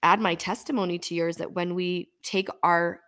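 A middle-aged woman hosts a heartfelt talk and affirms her guest openly. Her voice sits a little low. She speaks in a conversational way. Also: steady tone, moderate pace, a little hiss or hum. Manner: warm and open, affirming. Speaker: host. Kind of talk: therapy-style conversation.

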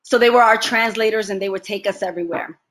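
A woman actress being interviewed, telling stories in an animated way and laughing often. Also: medium pitch, quick pace. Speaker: actress, guest. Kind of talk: casual interview conversation.

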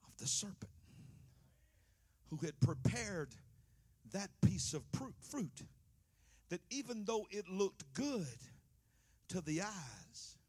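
A man preaching a sermon in a church. He swings from loud, impassioned passages to hushed ones. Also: high-pitched, slightly rough. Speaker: pastor.

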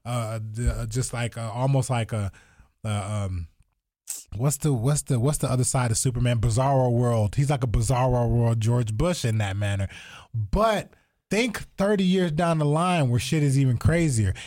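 A man in casual chat, animated and rambling, swearing freely and going off on asides. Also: mid-range voice, normal speed.

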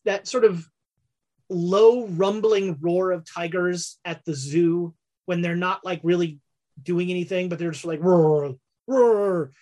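A woman narrating as game master of a tabletop game, unhurried, with many ums and uhs. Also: on the low side, a little mellow.

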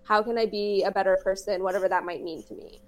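A woman's voice: medium pitch, fairly even intonation, quick pace. Chatty woman podcast co-host. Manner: chatty, explanatory, laughs easily. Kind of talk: casual chat.

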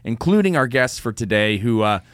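A man hosting a casual podcast, upbeat and quick to laugh. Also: medium pitch, big pitch swings, dry recording. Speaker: podcast host.

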